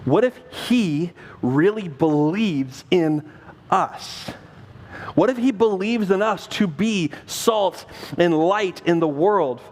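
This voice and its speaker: High-voiced pastor in a reverberant church. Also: male voice, slow. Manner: animated storytelling, acts out dialogue, laughs at himself. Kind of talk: sermon with personal story. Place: church sanctuary. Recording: long reverb of a church hall.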